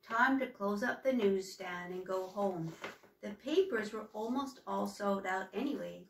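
A woman reading a children's storybook aloud in a slow, expressive way, in an echoey room heard from off-mic. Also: medium pitch, creaky, distant mic, slight background noise. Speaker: reader to children and dogs.

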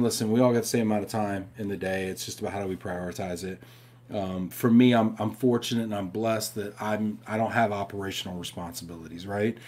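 A man hosting a live stream from home, chatting casually and reading viewer questions, upbeat and talking straight to his audience. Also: fairly low pitch. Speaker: host of a live show.

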